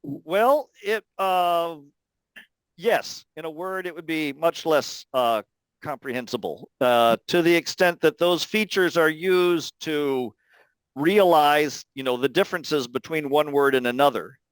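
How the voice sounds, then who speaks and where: A man delivers an academic talk, explaining ideas patiently and pausing often to find his words. His voice is smooth and a little higher than most men's, recorded close and dry with no room sound. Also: no room sound, low-quality recording. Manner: measured, explanatory, many "uh" pauses. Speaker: linguistics lecturer. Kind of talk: academic talk answering questions.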